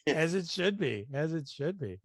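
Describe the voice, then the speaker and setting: A man hosting an interview podcast, enthusiastic and quick to laugh. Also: on the high side, dry recording. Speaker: podcast host. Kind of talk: interview chat.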